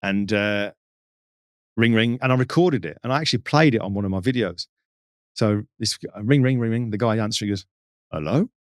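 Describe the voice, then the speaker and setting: A man from the UK, a podcast guest telling animated anecdotes and acting out the people in them. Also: lowish voice, fairly quick, no echo, studio quality. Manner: lively, acts out the people in his stories.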